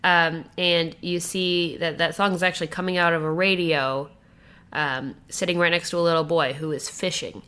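Low-voiced woman improvising a story. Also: steady tone, moderate pace, sharp tone, smooth. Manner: hesitant, improvising a story with fillers. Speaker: podcast co-host. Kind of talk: casual comedic chat.

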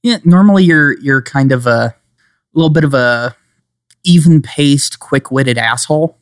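Male podcast co-host, casual and joking, rambling delivery, mid-pitched, dry close mic. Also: unhurried, no room sound. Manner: joking, rambling, slips into playful accents. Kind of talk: casual chat.

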